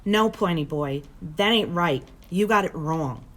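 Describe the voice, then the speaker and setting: A woman reading aloud, voicing a tough, protective teenage greaser boy in a lowered, rough delivery. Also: expressive, a little slow, fairly bright tone. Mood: stern.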